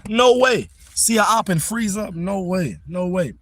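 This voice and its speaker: A young man talks straight to his livestream chat in loose, brash slang. His voice sits a little high and comes out husky. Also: animated, measured pace.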